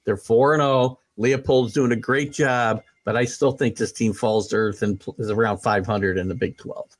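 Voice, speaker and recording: A man's voice: on the low side, steady tone, moderate pace. A man hosting a casual sports talk show, opinionated and rambling, with lots of fillers and restarts.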